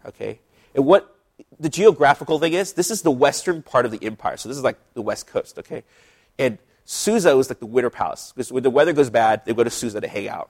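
A man who is a pastor, leading a casual Bible study in a relaxed, chatty way with lots of asides. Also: mid-range voice.

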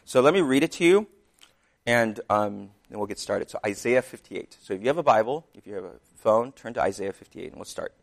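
A man preaching a sermon, praying quietly and reading scripture with rising emphasis, chewing gum because of a dry mouth. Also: on the low side, lively intonation, a little fast, vocal fry. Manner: chewing gum while speaking; prays softly, reads scripture with rising emphasis. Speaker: pastor.

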